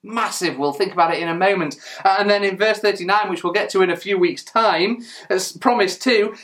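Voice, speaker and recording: A man's voice: high voice, a little fast, fairly bright tone. Male preacher with a slightly raised voice delivering an earnest, emphatic sermon. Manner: earnest, emphatic, with rhetorical questions and small restarts.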